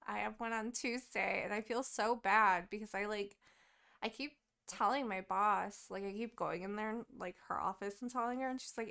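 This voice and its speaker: A woman's voice: medium pitch, moderate pace, vocal fry, pushed and bright. A young woman co-hosting a podcast, chatting casually and rambling through her week, swearing often and laughing. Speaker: podcast co-host. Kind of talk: casual chat.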